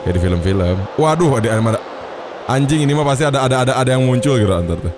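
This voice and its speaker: A man's voice: medium pitch, expressive, racing, background noise. A young man with an Indonesian accent doing a let's-play commentary, crude and joking, swearing often. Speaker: gaming host.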